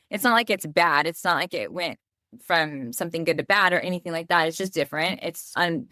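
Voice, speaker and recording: Chatty woman, lowish voice. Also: fairly bright tone, no room sound, clean studio sound. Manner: chatty, full of "like" fillers. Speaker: guest. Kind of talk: casual interview chat.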